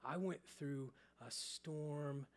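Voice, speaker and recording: A man's voice: on the high side, drawn-out words. Storytelling man preaching a sermon. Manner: storytelling, with sudden drops to soft, hushed emphasis. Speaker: pastor.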